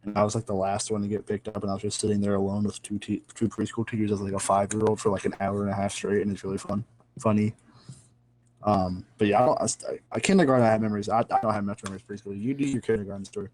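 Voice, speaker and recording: A man's voice: on the low side, little pitch movement, fast talker, a little mellow, slight background noise. A young man co-hosting a podcast in casual chat, laughing easily and swearing loosely as he tells stories. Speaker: podcast co-host.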